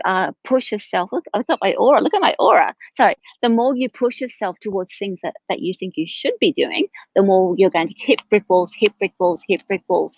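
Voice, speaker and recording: A woman's voice: medium pitch, creaky, a little mellow, no echo. A tired woman giving a live-streamed tarot reading in a chatty, rambling way, often correcting herself. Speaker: tarot reader. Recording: dull, dry lo-fi stream audio.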